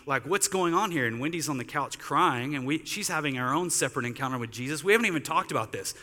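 A man's voice: medium pitch, animated, quick pace, sharp tone, long reverb tail. A man preaching a sermon in a conversational storytelling manner, using lots of "like" fillers. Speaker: pastor. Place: church sanctuary.

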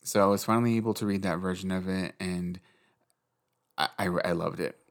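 A man's voice: low-pitched, steady tone, fairly quick, vocal fry, clean tone. A man chatting casually and rambling about books late at night, swearing and laughing at himself. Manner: rambling, profane, giggly. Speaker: book vlogger.

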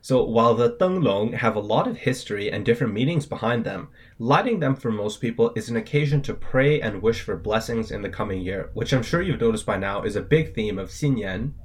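A man's voice: mid-range voice, animated, fairly quick, hardly any pauses, breathy edge. A man co-hosting a scripted language lesson, spelling out words letter by letter with their tones in a casual, upbeat way.

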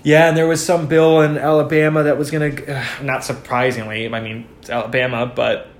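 A young man chatting casually on a podcast, telling stories in an animated, profane way and acting out angry outbursts. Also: mid-range voice, brisk. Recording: echoey room.

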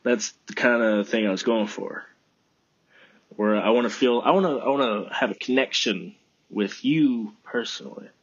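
A man's voice: mid-range voice, normal speed, no room sound, dull audio. A man hosting his own podcast, talking alone in a casual, rambling way with frequent swearing. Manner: rambling, profane, self-talking. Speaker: podcast host. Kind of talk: casual solo podcast monologue.

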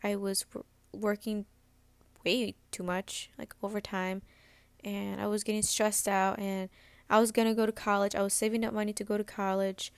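A podcast host in her twenties shares a personal story openly and ramblingly, peppering it with "like" and restarting often. Her mid-range voice is clear and resonant but flat in delivery, at a moderate pace, with no echo.

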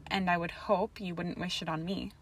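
A determined young witch speaks in a soft, patient voice with a firm edge, as a woman reads her aloud. Her voice sits a little low. This is a storybook reading. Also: fairly even intonation, moderate pace, a little hiss or hum, lightly acted. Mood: shy.

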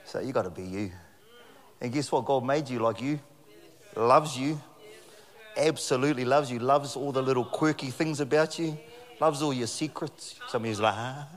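A middle-aged man preaching a sermon in a church hall on a handheld mic, joking and telling animated stories. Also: medium pitch, moderate pace. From New Zealand. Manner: jokey, animated storytelling with frequent laughs.

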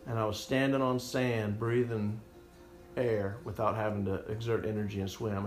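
A man telling a personal story in a rambling, conversational way with frequent restarts. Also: mid-range voice. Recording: roomy echo, faint music behind.

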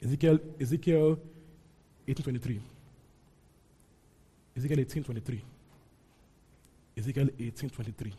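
Man preaching a Bible lesson, husky and mellow tone, animated delivery. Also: mid-range voice, moderate pace, pauses often. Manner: animated, rising into mock outrage when voicing characters. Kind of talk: Bible teaching.

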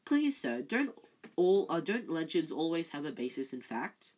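A reader voicing a studious, bossy teenage schoolgirl who speaks clearly and severely. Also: mid-range voice, very animated, moderate pace, voice pushed up. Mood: insistent.

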